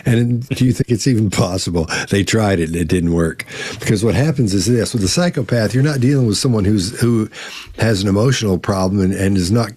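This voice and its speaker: A man's voice: lowish voice, brisk, darkish tone, slightly rough. A man co-hosting a live Q&A on body language, talking in a folksy way with many restarts. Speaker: co-host, body language expert. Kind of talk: live Q&A chat.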